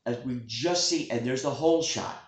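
A man's voice: medium pitch, moderate pace. Man spinning a rambling joke story. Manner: rambling, deadpan storytelling with profanity. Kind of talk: joking casual chat. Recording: echoey room.

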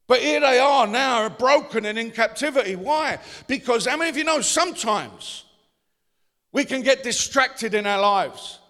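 Preacher, man, high and bright voice, shouting sermon, long hall reverb. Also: expressive, moderate pace. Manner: preaching, rising to shouts, asks the congregation questions. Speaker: pastor.

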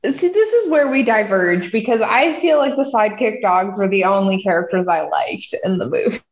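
A woman's voice: mid-range voice, expressive, moderate pace, echoey room, muffled recording. A woman co-hosting a casual chat, laughing often and making sarcastic asides. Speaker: podcast co-host.

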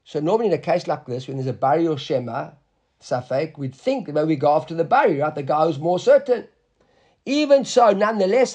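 High-voiced man teaching Talmud. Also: a little mellow. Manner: explains step by step, mixes Aramaic terms, asks "right?". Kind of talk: Talmud lesson.

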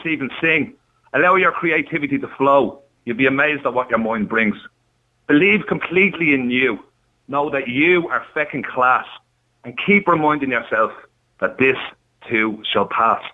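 A man calling a radio show on speakerphone, reading out a cheeky poem and joking with the host. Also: medium pitch. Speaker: caller reciting a poem. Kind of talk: phone call, reading a poem aloud. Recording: tinny phone line on speakerphone.

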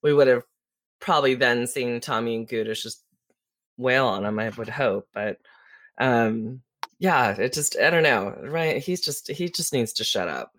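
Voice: medium pitch, measured pace, a bit bright. A young adult co-hosting a casual sports podcast, laid-back and agreeable. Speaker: podcast co-host.

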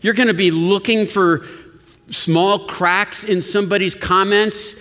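A man's voice: high voice, fairly even intonation, measured pace, pushed and bright. A man preaching a sermon as pastor, talking in a conversational way with chuckles and restarts. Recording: long reverb of a church hall.

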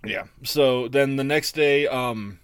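A man co-hosting a podcast, with a medium-pitched voice. He retells an old story in a loose, jokey way, full of swearing and fillers. The sound is dry and close. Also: slow, smooth, no echo. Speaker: podcast co-host. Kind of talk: casual chat.

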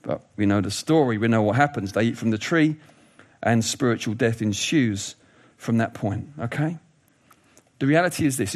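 A man preaching a sermon in a chatty, conversational way, mixing in jokes, asides and playful sound effects. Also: medium pitch. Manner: conversational, animated, does funny voices and asides.

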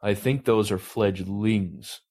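Male reader doing a dim assistant, lazy drawl, low. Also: takes it slowly, a little mellow. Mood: sluggish.

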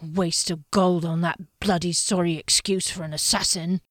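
A woman voicing a gruff, sullen male henchman. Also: fairly low pitch, steady tone, normal speed, no echo, studio quality, close to an everyday voice. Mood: grumbling.

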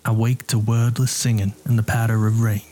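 A man reading a first-person horror story in a quiet, measured way. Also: on the low side, level tone. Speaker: narrator. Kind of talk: scripted horror story narration.

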